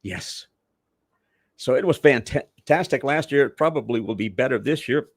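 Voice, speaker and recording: An older man, a veteran wrestler appearing as a podcast guest, tells rambling stories in a theatrical, old-school style. His voice sits in the mid-range and moves fast, with no echo in the recording.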